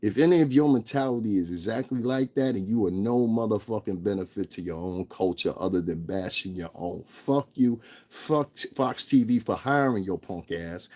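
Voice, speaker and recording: A man's voice: on the low side, darkish tone. A man ranting in a profane, blunt commentary vlog, stressing his points and laughing between them. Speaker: vlogger.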